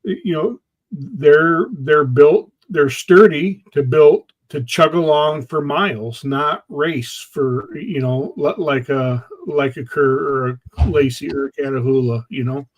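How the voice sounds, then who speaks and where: A man hosting a podcast in casual chat, halting with many restarts and "you know"s. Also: on the high side, poor audio.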